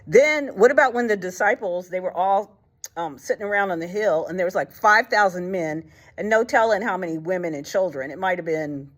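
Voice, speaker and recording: A woman hosting a casual faith talk, speaking bluntly and colloquially, retelling stories with acted quotes and frequent fillers and restarts. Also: fairly low pitch. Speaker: host.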